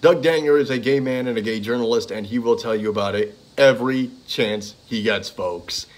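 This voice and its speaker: A man of ordinary pitch talks casually through a list of comedy tracks. He rambles, trips over titles and fills gaps with ums and uhs. He chuckles now and then as he goes. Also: moderate pace. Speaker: fan reviewing comedy CDs. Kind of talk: casual monologue listing tracks.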